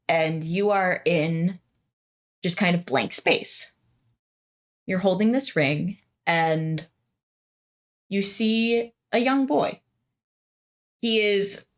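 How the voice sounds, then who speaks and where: A woman narrating a tabletop game as the game master. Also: lowish voice. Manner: descriptive, unhurried.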